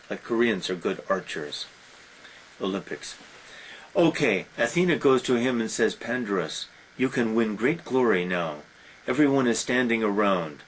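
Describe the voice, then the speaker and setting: A man teaching a class and retelling an ancient epic in a relaxed, conversational way with many filler sounds. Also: medium pitch, rough recording. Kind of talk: classroom lecture retelling a story.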